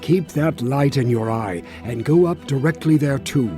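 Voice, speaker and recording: An actor playing a calm, wise male guide who gives directions in old-fashioned language. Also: medium pitch, moderate pace, close to an everyday voice. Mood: guiding. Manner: archaic, directive. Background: music.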